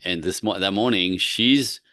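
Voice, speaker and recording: A man's voice: low voice, a little slow, no room sound, studio quality. A man, a relationship coach, chatting casually on a podcast and telling stories animatedly, acting out both sides of conversations. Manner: animated storytelling, acts out both sides of dialogue.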